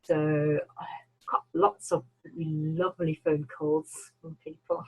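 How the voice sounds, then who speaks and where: A woman's voice: sits low, steady tone, slow, breathy edge, lo-fi sound. Laughing Dutch woman with a Brummie tinge. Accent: Dutch with Birmingham (Brummie) tinge. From Netherlands. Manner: laughs often, hesitant with fillers. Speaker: guest. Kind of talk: casual chat.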